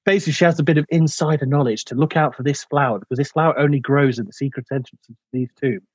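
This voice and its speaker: A man's voice: mid-range voice, quick pace, breathy edge, no echo, highs cut off. A man chatting casually about a film, rambling with many fillers and restarts. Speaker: podcast co-host.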